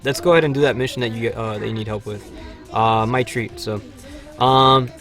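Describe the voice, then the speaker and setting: A man hosting a livestream, chatting casually over gameplay with lots of fillers and sudden excited shouts. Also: mid-range voice, normal speed, faint music behind. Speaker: livestream host.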